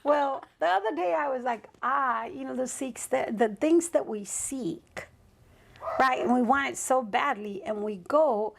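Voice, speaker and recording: High-pitched and marked by vocal fry, this woman speaks a little slowly. As a podcast guest in a casual interview, she reflects and rambles through a personal story, repeatedly asking "right?".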